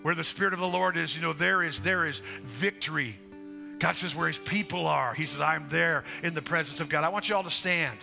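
Speaking fairly quickly in a creaky, fairly high voice, this pastor addresses his congregation head-on and cites scripture. The setting is a church sanctuary, with a band playing quietly beneath him.

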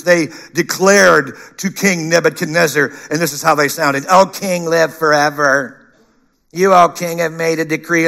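A middle-aged man preaching a sermon, animated, dropping to a hush and rising to loud bursts. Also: a little high, gravelly. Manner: animated, shifts between hushed and shouted. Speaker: pastor.

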